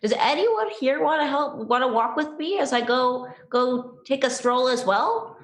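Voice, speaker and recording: A woman's voice: sits high, expressive, moderate pace, echoey room. A woman playing an eager little soup-carrier. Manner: chatty, eager and polite. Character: clumsy, eager small soup-carrying adventurer.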